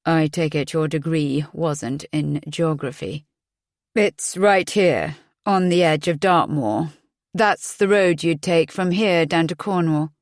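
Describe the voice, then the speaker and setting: A stern male police detective from an audiobook thriller, patient but probing, asking measured, pointed questions, as a woman narrator reads him. The voice sits low and unhurried, and the sound is close and dry. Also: dry recording.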